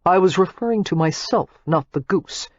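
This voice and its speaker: Brief: woman doing a sardonic young businessman, husky and short-tempered, dull audiobook sound. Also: on the low side, animated, moderate pace, darkish tone, dry recording. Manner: curt, impatient, dryly sarcastic. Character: gruff sardonic young male entrepreneur. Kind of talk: audiobook character reading.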